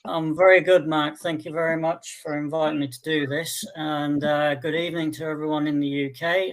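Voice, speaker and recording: A man's voice: on the high side, low-quality recording. A man with a New Zealand accent, a guest talking in an easygoing, plainspoken way. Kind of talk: casual chat.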